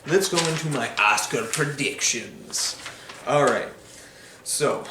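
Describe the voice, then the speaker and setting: A man with a fairly low voice gives casual, enthusiastic film commentary, pausing often on ums and uhs. He sits a little back from the mic in an echoey room, with a faint hiss underneath. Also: far from the mic. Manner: enthusiastic, filler-heavy with frequent ums and uhs. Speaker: film reviewer. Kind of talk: casual spoken movie commentary.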